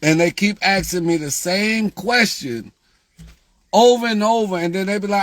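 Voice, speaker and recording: A man talking casually to viewers about lottery picks, repeating himself and growing exasperated, getting louder when he quotes their questions. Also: sits high, normal speed. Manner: repetitive, exasperated, rises when quoting viewers. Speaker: lottery tips creator.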